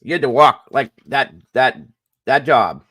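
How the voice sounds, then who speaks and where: A man hosting a casual live stream, telling animated stories and swearing lightly. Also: medium pitch, unhurried, no echo.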